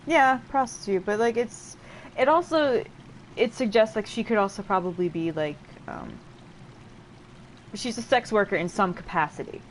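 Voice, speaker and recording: A woman casually talks through a game playthrough, translating lines and rambling with fillers. Her voice sits at an ordinary middle pitch. A faint hiss of noise lingers behind her. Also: rough recording. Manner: chatty, rambling, many fillers and self-interruptions; paraphrases game dialogue in quick lively asides. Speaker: let's play host translating a game. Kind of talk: casual gameplay commentary.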